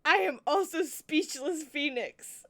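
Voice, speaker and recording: A woman streaming a video game, reading its lines aloud and reacting with excitable, swearing commentary. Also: high voice, slow. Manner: excitable, swearing, laughing often. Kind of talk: let's play commentary, reading dialogue aloud. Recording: game music behind. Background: video game music.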